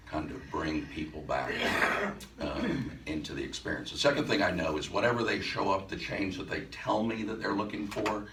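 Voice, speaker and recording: A man teaching hypnosis, telling a story from a class in a conversational way, with frequent restarts and acted-out dialogue. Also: rumbling low. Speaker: hypnosis instructor. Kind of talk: storytelling lecture to a live audience. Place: event room with a live audience. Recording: echoey room, distant mic, faint noise.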